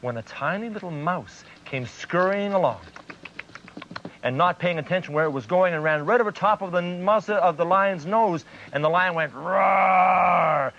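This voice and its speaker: A man hosting a children's TV show, telling a story to children in a gentle, animated storyteller's way. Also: high voice, moderate pace, a little hiss or hum. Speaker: children's TV host. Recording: dull lo-fi 1990s TV recording.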